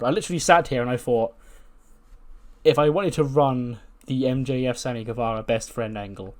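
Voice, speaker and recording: A man's voice: medium pitch, moderate pace. A man casually narrating a wrestling booking game, chatty and laughing often. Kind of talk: casual let's-play narration.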